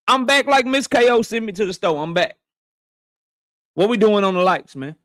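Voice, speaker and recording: High-voiced man hosting a live stream. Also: expressive, measured pace, dry recording, clean studio sound. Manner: loose, profane, shouting out viewers by name. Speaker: boxing live-stream host. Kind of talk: casual live-stream chat. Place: home office.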